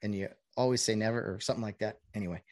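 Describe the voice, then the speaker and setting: A man's voice: on the low side, fairly even intonation, rapid-fire, darkish tone, no room sound. A man who works as a sports official, giving a casual, sarcastic opinion monologue and mimicking other people's voices.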